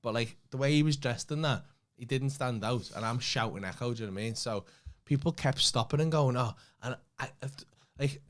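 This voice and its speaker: A man's voice: mid-range voice, brisk, few pauses. Scouse man telling a story. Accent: Liverpool. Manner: animated, swears freely, acts out other people's lines. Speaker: comedian and podcast co-host. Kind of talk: casual anecdote telling.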